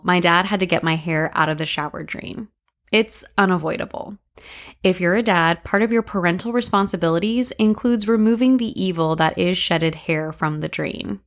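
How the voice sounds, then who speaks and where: A woman hosting a podcast, telling scripted memoir stories with wry, deadpan humor. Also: medium pitch. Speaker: podcast host.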